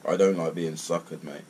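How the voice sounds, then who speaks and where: A man rants bluntly straight to camera, swearing freely. His voice sits extremely low. A faint hiss runs underneath. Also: low-quality recording. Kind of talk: casual rant to camera.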